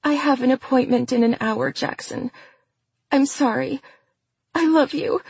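A narrator voicing a manipulative pregnant young woman who makes her voice soft, quivery and weak. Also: high voice, unhurried, gravelly, slightly rough, dry recording, voice pushed up, full character voice. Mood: pleading. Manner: soft, quivery, feigned weakness.

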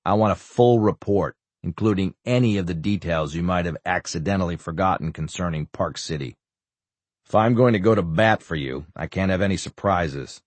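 A man reading an audiobook, voicing a calm, calculating middle-aged official who speaks in a measured, businesslike way. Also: low voice, dry recording. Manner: measured, businesslike, quietly controlling.

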